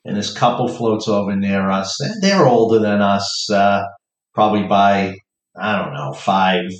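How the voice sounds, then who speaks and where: A man's voice: lowish voice, animated, measured pace, roomy sound, poor audio. A man with a Boston accent, telling a wry story in casual chat and lifting his voice when quoting people. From Boston area.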